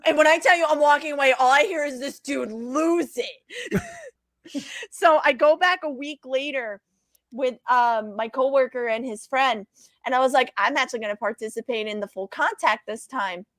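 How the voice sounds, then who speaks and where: A woman, a podcast guest, telling stories in a casual, animated way, swearing freely and laughing between lines. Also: high voice, normal speed, no echo. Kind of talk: casual storytelling.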